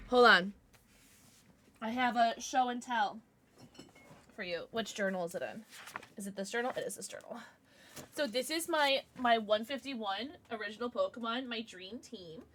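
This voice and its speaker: Gushing, high-pitched young woman streamer. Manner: excitable, squealing and gushing over gifts. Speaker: livestreamer. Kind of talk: casual livestream chat.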